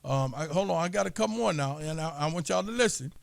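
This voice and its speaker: A man's voice: on the high side, animated, fast, gravelly, no room sound. A man co-hosting a political talk show, making emphatic points and repeating key lines for listeners. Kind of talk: casual political commentary.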